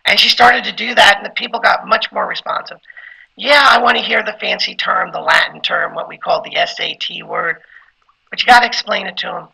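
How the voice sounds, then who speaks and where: A man's voice: high voice, a little fast, creaky, sharp tone, husky, poor audio. A middle-aged man giving an informal lecture on preaching skills, conversational and at times emphatic like a preacher. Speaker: instructor teaching preaching skills.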